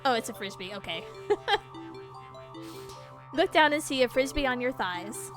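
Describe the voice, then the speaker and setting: A high-pitched woman streamer reads a horror game's text aloud and breaks into quick, jumpy reactions with frequent laughter. Game music plays clearly behind her voice. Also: lively intonation. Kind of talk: live gameplay commentary, reading game text aloud.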